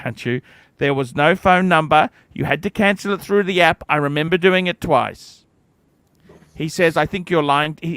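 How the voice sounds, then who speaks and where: A man in his forties with a bright, crisp, fairly high voice rants at length, swearing freely and sounding thoroughly cantankerous. The sound is dry and close, with no room around it. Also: no room sound. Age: 40s. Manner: profane, cantankerous ranting. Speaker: livestream host. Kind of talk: ranting livestream chat.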